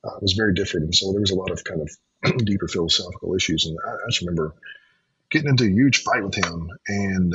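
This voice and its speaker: Deep husky man telling his story. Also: a bit bright, no room sound. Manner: earnest, storytelling, frequent restarts and ums. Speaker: podcast guest. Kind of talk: personal testimony in conversation. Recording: dull lo-fi sound.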